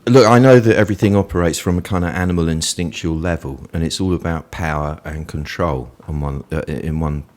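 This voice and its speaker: A man, a guest on an interview show, telling stories in an animated way and laughing often in casual conversation. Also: rumbling low, a little fast, few pauses. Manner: lively storyteller who laughs often.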